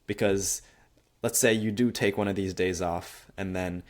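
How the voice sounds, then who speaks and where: A man's voice: sits low, measured pace. A young man, a college student, giving casual life advice to camera, rambling and acting out little conversations. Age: young adult. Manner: rambling and animated, acts out quoted exchanges with lots of "like". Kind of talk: casual self-help talk to camera.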